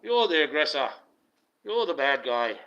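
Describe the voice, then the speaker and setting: A man's voice: a little high, sing-song, a little slow, pushed and bright. A man, a self-styled online preacher, delivering a blunt, profane, indignant rant. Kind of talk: ranting monologue. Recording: dull lo-fi recording.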